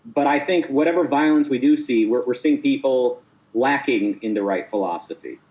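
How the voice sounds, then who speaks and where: A man argues his side in a casual debate call. He talks haltingly, stumbling over repeated words and restarting his sentences as he presses on. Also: medium pitch, a little mellow, rough recording. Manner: hesitant, stammering, many restarts.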